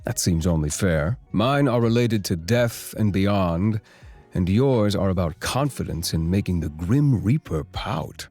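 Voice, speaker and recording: A haughty Grim Reaper speaks in a lowish, formal tone that swings widely between clipped disdain and teasing lift. His wit is dry and sardonic, and faint game music hums underneath. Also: animated, a little slow, a little mellow, full character voice. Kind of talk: video game voice acting.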